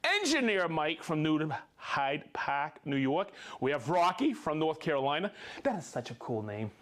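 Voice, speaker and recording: A man's voice: on the high side, big pitch swings, moderate pace, a bit bright. A man hosting a live stream, cheerfully reading out viewer names and places and joking between them. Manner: upbeat, reads viewer names and places, jokes and laughs. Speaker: livestream host. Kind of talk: live-stream shout-outs.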